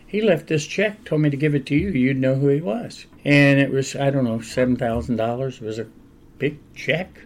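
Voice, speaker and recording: An older male pastor with a gravelly, creaky voice at a middle pitch. He tells his stories in an animated way and often laughs as he talks. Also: moderate pace. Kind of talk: storytelling in a conversational interview.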